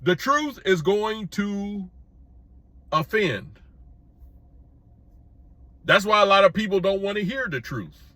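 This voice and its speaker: A middle-aged man giving an opinion commentary to his viewers, plain-spoken and emphatic, repeating his points and pushing his pitch up when he presses one. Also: animated, takes it slowly, pauses often, pushed and bright, no echo. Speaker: commentary vlogger.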